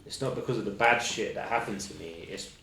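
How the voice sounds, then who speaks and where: A young man speaks as a podcast guest, open and reflective, with hesitant fillers and slang. His voice sits fairly low. The room is echoey, with faint noise underneath. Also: brisk, vocal fry, sharp tone. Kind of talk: casual chat. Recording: roomy echo, faint background noise.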